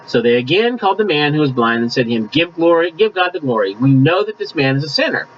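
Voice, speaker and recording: A male pastor preaching in a relaxed, chatty way, moving from scripture reading into asides. His voice sits a little high and swings widely in pitch. The sound is dull and lo-fi, with faint room ambience behind him. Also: fast, slight background noise. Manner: conversational preaching with scripture reading, coughs at times. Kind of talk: sermon.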